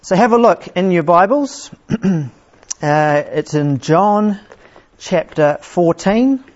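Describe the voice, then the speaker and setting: A man preaching a sermon in a conversational way, restarting phrases often and slowing down to read scripture with emphasis. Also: high-pitched, lively intonation. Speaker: pastor. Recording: dull lo-fi sound.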